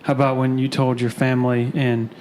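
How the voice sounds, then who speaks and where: A man's voice: mid-range voice, flat delivery, brisk, a little mellow, a little hiss or hum. A man hosting a podcast, asking brief, friendly prompting questions. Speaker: podcast host. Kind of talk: interview questions.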